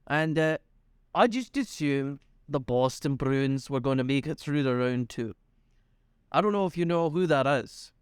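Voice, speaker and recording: A man's voice: mid-range voice, expressive, a little slow, clean tone, dry recording, studio quality. A man co-hosting a podcast in casual chat, rambling and teasing as he jokes with his friend. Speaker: podcast co-host.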